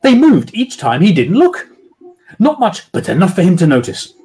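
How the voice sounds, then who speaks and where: A man's voice: high-pitched, wildly swooping pitch, normal speed, mellow, slightly rough. A man, an author, reading his children's book aloud over a video call with dramatic storytelling.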